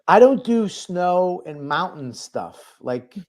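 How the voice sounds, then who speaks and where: A man's voice: high-pitched, big pitch swings, slow, darkish tone. A male comedian telling a self-mocking story in casual, rambling talk with crude language. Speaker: comedian guest.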